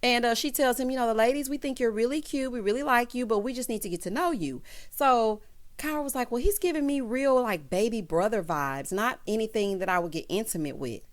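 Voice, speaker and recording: Sassy young woman host, lively swooping voice, higher pitch, chatty recap commentary. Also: brisk. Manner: sassy, animated, calls viewers honey and child. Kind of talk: casual reality show recap commentary.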